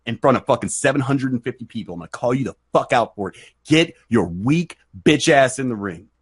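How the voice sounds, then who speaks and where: A man's voice: mid-range voice, lively intonation, brisk, husky. A man on a live stream panel, talking in profane, confrontational call-outs. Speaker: guest panelist. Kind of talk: heated live-stream banter.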